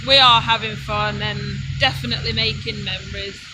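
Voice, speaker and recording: A woman's voice: mid-range voice, fairly even intonation, fairly quick, heavy background noise. A woman from Britain hosting a homesteading live stream, telling a road-trip story in a chatty way, laughing often and breaking off to talk to her children. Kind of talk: casual storytelling to viewers.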